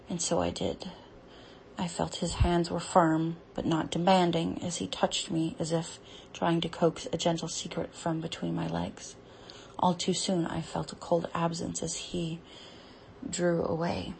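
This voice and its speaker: A young woman performing an intimate audio role-play, reading a story aloud in a halting, breathy voice that often drops to a whisper. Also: fairly low pitch, a little mellow, a little hiss or hum.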